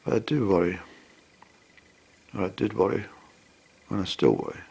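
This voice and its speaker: A man's voice: sits low, big pitch swings, normal speed, creaky, dark tone, husky. A man telling a meandering story and acting out both sides of the conversation. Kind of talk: rambling spoken anecdote.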